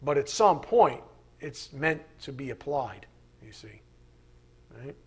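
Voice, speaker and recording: A man preaching a sermon, emphatic and animated, with mocking asides. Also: medium pitch, slow pace, slightly rough.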